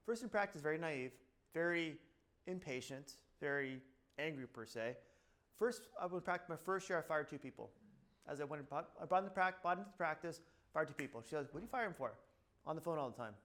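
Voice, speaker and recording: A middle-aged man with a slightly high voice tells offhand stories about his clinic. He jumps between his own words and acted-out quotes, and he fills his lines with "blah, blah.". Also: expressive, brisk, a bit bright. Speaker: chiropractor speaking at a seminar. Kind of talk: casual talk to a room.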